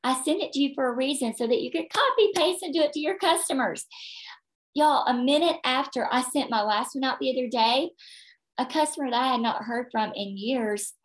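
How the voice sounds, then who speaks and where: A woman's voice: high voice, fairly quick. A woman leading a motivational sales team training over a video call, emphatic, repeating her points and checking in with "okay?".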